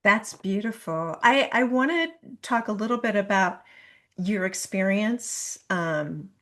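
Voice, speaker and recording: A woman's voice: mid-range voice, expressive, takes it slowly. A woman hosting an interview, responding to her guest and asking follow-up questions. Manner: warm interjections and probing questions. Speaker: interview host. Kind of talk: conversational interview.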